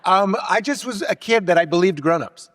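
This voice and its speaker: A man's voice: sits high, expressive, normal speed, fairly bright tone. Joking man telling his life story. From Massachusetts. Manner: joking, self-deprecating storyteller. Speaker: comedian guest. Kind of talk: casual podcast conversation.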